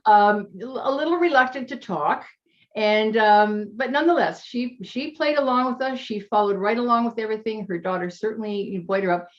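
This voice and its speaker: Female coach, interview guest; warm storytelling, emotional, slightly dull recording. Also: fairly high pitch, moderate pace. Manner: chatty, emotional, gets teary. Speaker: health coach.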